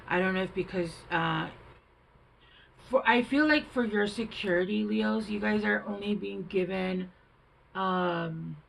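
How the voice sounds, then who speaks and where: A woman's voice: mid-range voice, a little slow, gravelly, poor audio. A woman doing a casual tarot reading, chatty and rambling, thinking aloud with fillers, recorded at home on a camera mic. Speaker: tarot reader.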